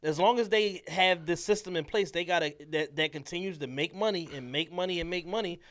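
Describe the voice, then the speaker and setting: A man's voice: high-pitched, fairly quick, fairly bright tone. A man co-hosting a podcast in casual chat, often backing up his co-host with short agreements. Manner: agreeable, backs up the other host with short affirmations.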